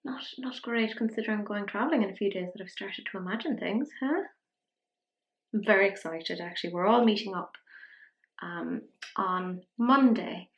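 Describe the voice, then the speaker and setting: A woman's voice: medium pitch, normal speed, muffled recording. A young Irish woman chatting casually through a makeup tutorial, with a self-mocking, rambling manner. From Ireland. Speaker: beauty vlogger. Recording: echoey room.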